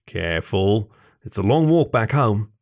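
A man voicing a calm, gently teasing young male panther in an audio story. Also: fairly low pitch, a little slow. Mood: easygoing.

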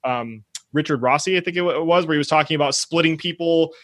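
Male podcast host, rapid and upbeat, dry close sound. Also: on the high side, a bit bright, dry recording. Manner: eager, quick, enthusiastic. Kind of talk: interview conversation.

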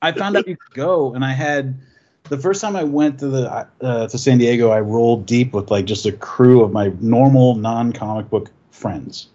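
A man's voice: mid-range voice, moderate pace, mellow, highs cut off. A man, a comic creator guest, telling laid-back joking anecdotes in casual chat.

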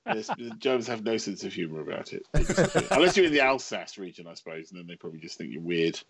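A middle-aged English writer chats casually as a podcast guest. He mocks himself and laughs often. His voice swings widely in pitch as he gets caught up in his anecdotes. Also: fast talker, background noise. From England. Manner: animated, self-mocking, laughs often.

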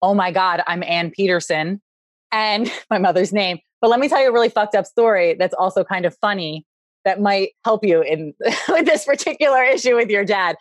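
A woman guest with a mid-range voice tells stories quickly and playfully, laughing often and dropping the odd swear. The recording is dry and close, with no room sound. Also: medium pitch, expressive, no room sound. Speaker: author guest. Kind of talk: casual chat.

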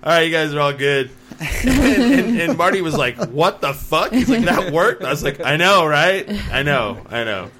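A young adult man, a podcast host, chatting casually and telling lively stories with acted-out quotes. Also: fairly high pitch, moderate pace, a crowd in the background. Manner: animated storyteller, acts out quotes. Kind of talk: casual chat.

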